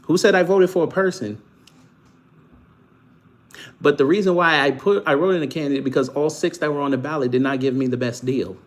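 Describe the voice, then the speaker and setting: A man's voice: a little high, fairly quick, pauses often. Taunting man on a live stream. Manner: taunting, teasing banter with laughs. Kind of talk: casual live-stream commentary answering chat.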